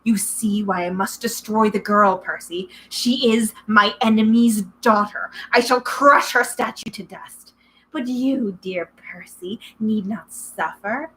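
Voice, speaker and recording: A woman reading aloud and voicing a monstrous gorgon who hides as a sweet old lady, speaking in a slow, hushed, soothing purr. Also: on the high side, very animated, a little hiss or hum.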